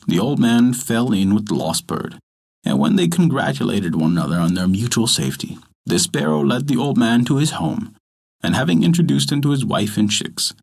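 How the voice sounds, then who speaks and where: A man narrating a folk tale and hosting a story podcast, in an expressive, scripted storytelling manner. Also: mid-range voice, gravelly, husky.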